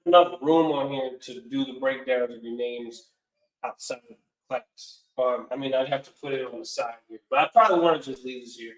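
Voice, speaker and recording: A man teaching a class in a casual way, calling out each word loudly for the students to repeat. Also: mid-range voice, a little fast. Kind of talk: classroom lesson, call and response. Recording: echoey room, far from the mic.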